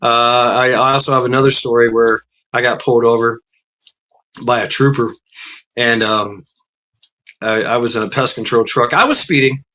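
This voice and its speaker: Bright-voiced man rambling. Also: medium pitch, steady tone, moderate pace, long pauses. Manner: profane, rambling, repeats words. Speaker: storyteller. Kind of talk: casual storytelling.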